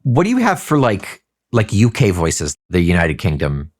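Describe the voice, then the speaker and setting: A man's voice: low voice, wildly swooping pitch, moderate pace. A man co-hosting a podcast, chatting casually in a bemused, hesitant way with many fillers. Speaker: podcast co-host.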